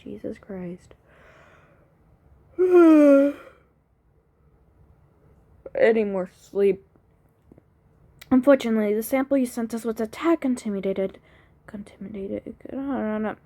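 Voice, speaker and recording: A woman playing through a detective game while sick, tripping over words and making self-mocking jokes. Her voice sits a little on the high side. It is casual, offhand commentary. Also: expressive, slow, long pauses, dark tone. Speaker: gaming video creator.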